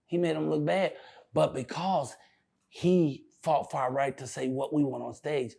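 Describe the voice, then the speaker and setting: An older male comedian telling stories in a casual interview, profane and animated, often laughing. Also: on the high side, a little slow, gravelly.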